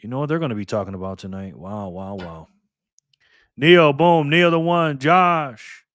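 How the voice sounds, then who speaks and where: A man hosting a casual livestream, calling out viewers and donations with upbeat shout-outs. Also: mid-range voice, moderate pace. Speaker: livestream host.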